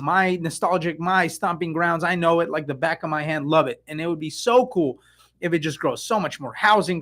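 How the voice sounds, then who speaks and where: With a slightly high voice, a middle-aged real estate agent from the Bay Area gushes through a casual live stream. He keeps drifting into asides and dropping in fillers.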